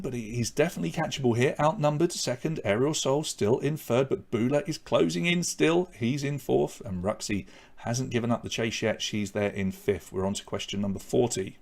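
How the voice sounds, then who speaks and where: Chatty man hosting an online quiz. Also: mid-range voice. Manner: chatty, self-deprecating, reads scores and answers aloud. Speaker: online pub quiz host. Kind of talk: live quiz hosting and leaderboard commentary.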